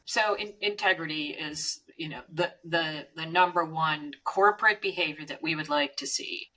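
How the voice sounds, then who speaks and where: A woman's voice: sits low, moderate pace, pushed and bright, rough recording. A woman co-hosting a business podcast, telling workplace stories in a chatty way with frequent fillers. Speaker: podcast co-host.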